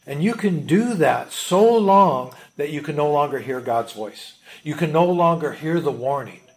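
A man's voice: on the high side, animated, a little slow, a little mellow. A man preaching a sermon, earnest, often asking rhetorical questions of the congregation. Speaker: pastor.

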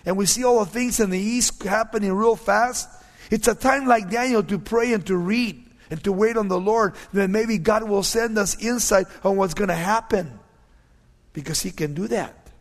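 A man preaching a sermon as a pastor, telling stories animatedly and often dropping to hushed tones. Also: sits high, normal speed, long reverb tail.

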